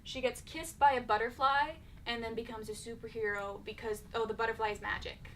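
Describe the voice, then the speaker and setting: A woman's voice: a little high, steady tone, a little fast, fairly bright tone, a little hiss or hum. A woman YouTuber in a casual review vlog, chatty and loose, with lots of "like". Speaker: YouTuber ranking movies.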